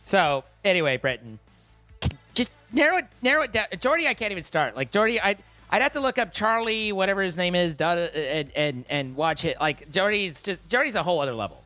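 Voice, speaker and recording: A man's voice: sits high, very animated, a little fast, pushed and bright, faint music behind. A man streaming live, chatting casually and rambling with many restarts and swear words for emphasis. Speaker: livestreamer.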